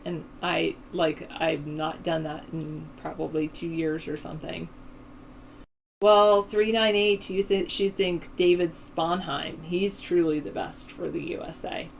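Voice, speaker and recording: Woman, valley-girl accent, show host, lowish pitch, casual rambling talk, faint background noise. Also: fairly even intonation, measured pace, poor audio. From Southern California. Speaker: host of a call-in political show. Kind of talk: casual chat, reading news and answering chat.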